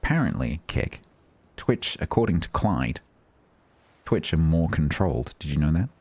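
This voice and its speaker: Male streamer, very low voice, calm monotone, dry humor. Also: normal speed, breathy edge. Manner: steady, even-toned, dry self-deprecating. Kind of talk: casual live-stream chat.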